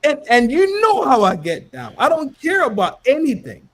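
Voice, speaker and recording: A profane man shouts and stammers through an online panel argument. His voice sits high and swings widely in pitch, and he keeps circling back to the same words. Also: huge pitch swings, moderate pace. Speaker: panel guest.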